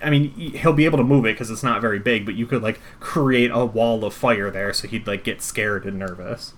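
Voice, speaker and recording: A man's voice: fairly low pitch, brisk, slight background noise. A man running a tabletop role-playing game as game master, talking casually with lots of fillers.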